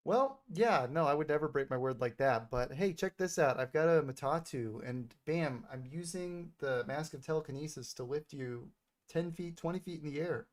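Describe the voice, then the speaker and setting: A man's voice: fairly high pitch, normal speed. A man streaming, chatting casually and teasingly with frequent hesitations. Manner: playful, teasing, hesitant with many fillers. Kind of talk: casual gaming chat with an AI character.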